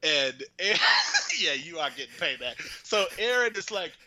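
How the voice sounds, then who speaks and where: A man casually chatting and retelling a soap opera, animated and rambling, with frequent cursing. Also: fairly high pitch, normal speed, rough recording. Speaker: storyteller recapping a soap opera. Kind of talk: casual chat.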